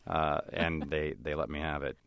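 An American man being interviewed, telling stories in a lively way and acting out the voices of others. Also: a bass voice, moderate pace, clear, resonant tone, dry recording, lo-fi sound. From United States. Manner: animated storyteller who acts out voices of others. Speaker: actor and comedian guest. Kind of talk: conversational interview.

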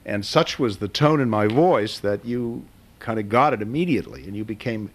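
Husky deep-voiced middle-aged father. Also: animated. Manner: halting, emotional retelling with hesitations. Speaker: father telling a family memory. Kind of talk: personal storytelling interview.

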